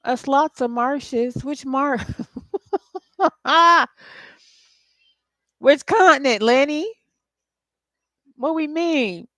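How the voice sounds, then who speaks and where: A woman hosts a relaxed psychic channeling stream, chatting to her viewers and laughing as she goes. She speaks slowly in a fairly high voice. The sound is dry and close. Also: no echo. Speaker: psychic reader. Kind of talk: casual spirit channeling livestream.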